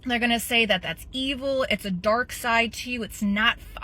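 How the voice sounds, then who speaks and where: A woman in her thirties delivers a candid monologue in a bright, forceful voice that sits a little high. She talks bluntly and with emphasis, swearing freely. It comes across as a personal podcast talk. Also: normal speed. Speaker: podcast host.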